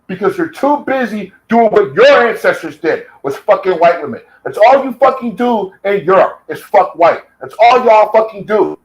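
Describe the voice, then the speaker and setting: A man's voice: sits high, lively intonation, normal speed, few pauses, lo-fi sound. An American man delivering an angry, profanity-filled reaction rant at another commentator. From United States. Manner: heated, profane, combative. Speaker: YouTube commentator.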